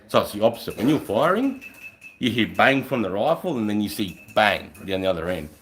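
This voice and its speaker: An Australian man, a middle-aged army veteran, telling war stories on a live stream in a casual, profane, animated way. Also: lowish voice, fairly quick, a little hiss or hum, rough recording. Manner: profane, animated, acts out voices. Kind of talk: casual storytelling.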